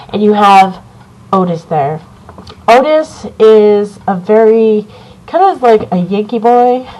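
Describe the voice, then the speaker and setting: A woman giving a casual video review of a horror film, rambling and excited, swearing often and full of fillers. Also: mid-range voice, poor audio. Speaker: movie reviewer.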